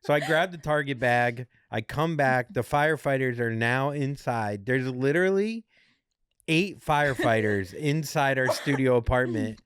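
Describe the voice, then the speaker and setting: A man's voice: mid-range voice, measured pace, a bit bright, slight background noise. A man co-hosting a casual podcast chat, telling a story with jokes, swearing and funny quoted voices. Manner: joking, profane, acts out quotes in funny voices. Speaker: podcast co-host.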